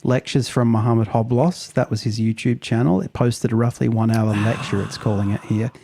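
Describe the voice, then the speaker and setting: A man with a dark, mellow voice talks through the facts at an easy conversational pace. He co-hosts a chat podcast, casual and unhurried. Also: mid-range voice, vocal fry, no echo. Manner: reads facts aloud in a relaxed, conversational way. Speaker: podcast co-host.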